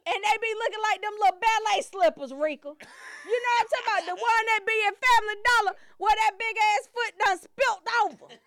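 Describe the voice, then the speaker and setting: A woman telling profane comedy stories, loud and animated, swearing and laughing often. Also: very high voice, fairly quick, dry recording, studio quality.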